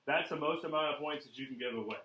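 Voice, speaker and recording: A man leading a sales training seminar, coaching with lots of energy and asking his listeners again and again if they follow. His voice is fairly high and bright, and it comes from some distance off in an echoey room. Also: fast. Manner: energetic, coaching, checks in often with "right?".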